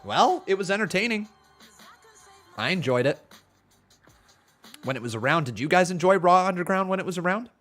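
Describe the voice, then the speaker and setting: A Canadian man hosting a live stream, from Ontario, with a high, lively voice that leaps around. He is excitable, laughing often and whooping when donations come in. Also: normal speed, long pauses, faint music behind. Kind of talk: live watch-along commentary.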